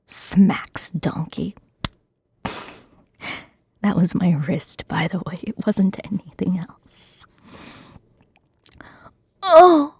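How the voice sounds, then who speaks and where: A woman's voice: fairly low pitch, slow pace, vocal fry, long pauses, warm tone, breathy edge. A woman streamer whispering an ASMR script reading, with giggly asides between lines.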